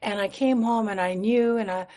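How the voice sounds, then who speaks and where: A singer-songwriter from Manitoba, Canada, speaks as a guest in a radio interview in a warm, steady, mid-range voice at a moderate pace. She tells stories earnestly and reflectively and laughs easily.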